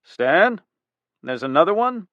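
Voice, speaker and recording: A man's voice: a little high, big pitch swings, takes it slowly, no echo, dull audio, pitched above the performer's own voice. A man voicing an anxious police commissioner who presses hard with a wailing tone.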